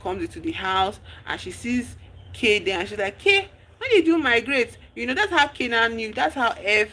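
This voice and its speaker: A woman's voice: medium pitch, moderate pace. Chatty woman. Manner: chatty, animated, slang-sprinkled storytelling. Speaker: streamer. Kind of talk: casual livestream movie recap.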